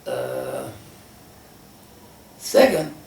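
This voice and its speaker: An older man from Lebanon with a Lebanese accent, answering interview questions in a halting, emphatic way, often restarting his words. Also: a little mellow, echoey room, far from the mic, low-quality recording. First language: Lebanese Arabic. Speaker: political party founder.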